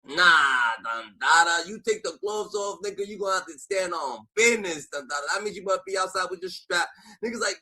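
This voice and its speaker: A man streaming commentary on a rap feud, loud and swearing, shouting often and repeating catchphrases. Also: high voice, sing-song, moderate pace, breathy edge.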